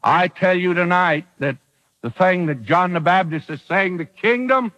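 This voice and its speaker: A man's voice: high-pitched, moderate pace, fairly bright tone, low-quality recording. A man preaching a dramatic sermon, acting out the quotes in the bible story.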